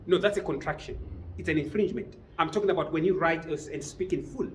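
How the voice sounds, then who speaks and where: A man's voice: fairly high pitch, fast talker, slight background noise. A man teaching a business writing class, lecturing and often putting questions to his students. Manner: quizzes the class with frequent questions. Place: training room with a class.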